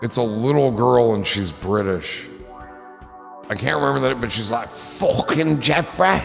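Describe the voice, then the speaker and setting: A man's voice: medium pitch, normal speed, creaky, in a large hall, faint music behind. A man chatting casually on a livestream, joking and rambling and swearing freely.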